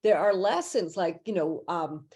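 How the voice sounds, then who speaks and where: A woman's voice: fairly low pitch, a little slow, a little mellow. Enthusiastic woman host on a video call. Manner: enthusiastic and effusive, chatty. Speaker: podcast host. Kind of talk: interview conversation.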